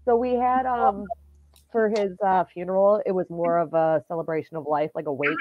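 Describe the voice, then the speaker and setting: A woman's voice: on the low side, steady tone, moderate pace, no room sound, phone-quality sound. A woman client giving plain, explanatory answers in casual conversation.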